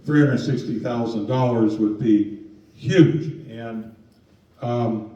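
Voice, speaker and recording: Casting note: man telling a story to an audience, mellow and loose, lots of uh and um, caught from a distance in a very echoey room. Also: medium pitch, slow. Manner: conversational, with many fillers. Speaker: presenter on scams. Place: museum meeting room. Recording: roomy, distant, dull sound.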